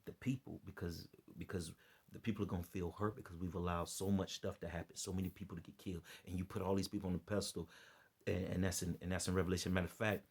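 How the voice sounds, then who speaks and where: A man's voice: deep voice, level tone, quick pace, darkish tone, husky. A tired man speaking in a rambling, preachy vlog, repeating himself and appealing to his listeners. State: worn out and dead tired. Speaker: online preacher and commentator. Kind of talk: impassioned unscripted vlog commentary.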